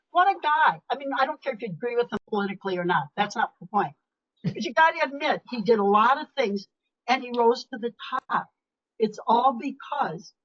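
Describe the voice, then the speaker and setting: A woman's voice: high voice, fairly bright tone. An older woman giving a webinar talk as a motivational speaker, emphatic and chatty. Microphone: video call. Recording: lo-fi video call audio.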